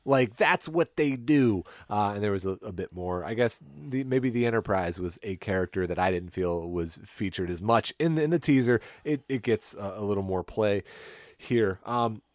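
A man's voice: on the low side, moderate pace, a little mellow, dry recording, studio quality. A man hosting a casual movie trailer podcast, easygoing and leading each segment. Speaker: podcast host.

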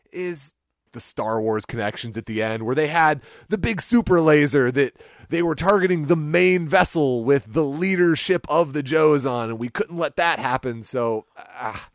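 A man's voice: mid-range voice, expressive, measured pace, no room sound, clean studio sound. A man co-hosting a casual movie review chat, wry and rambling, often restarting his sentences. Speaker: podcast co-host reviewing a movie.

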